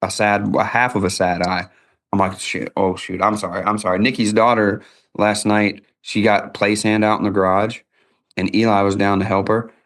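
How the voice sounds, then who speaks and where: A man's voice: lowish voice, little pitch movement, moderate pace, fairly bright tone. A middle-aged man, hosting a podcast interview and telling stories in a folksy, conversational way. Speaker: podcast host.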